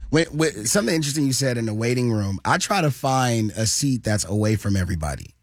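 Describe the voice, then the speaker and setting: A man's voice: mid-range voice, animated, fast talker, dry recording, clean studio sound. A man co-hosting a radio show, joking bluntly in casual banter.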